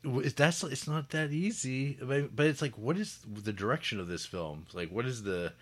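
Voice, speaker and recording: A man's voice: mid-range voice, animated, moderate pace. A man co-hosting a podcast, chiming in with wry remarks and questions about a film. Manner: wry short interjections and questions. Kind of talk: casual film chat.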